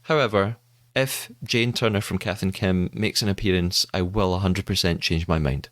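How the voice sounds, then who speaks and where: A man's voice: sits low, normal speed, dry recording, studio quality. A man from the UK hosting a podcast, narrating news and chatting with a guest with upbeat, playful emphasis. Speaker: podcast host. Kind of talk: podcast narration and casual chat.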